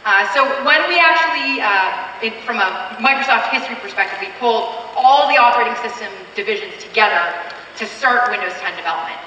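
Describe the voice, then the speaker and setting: A bright, fairly high woman's voice delivers a conference keynote, talking conversationally with filler words and restarts. She is heard from far off the mic in a large convention hall, with long reverb and a faint room murmur behind her. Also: expressive, fairly quick, slight background noise. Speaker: keynote presenter.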